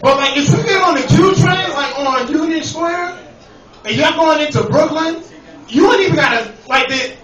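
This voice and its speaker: A man's voice: very high-pitched, normal speed, a bit bright. A young man with a New York accent doing a profane stand-up comedy set and riffing with the crowd. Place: comedy club with a laughing audience. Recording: echoey club from far off with crowd.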